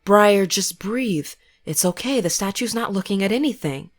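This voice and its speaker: Woman as a calm, soothing teen girl. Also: sits low, normal speed. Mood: reassuring. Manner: soothing, steady. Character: calm reassuring teenage girl Winter.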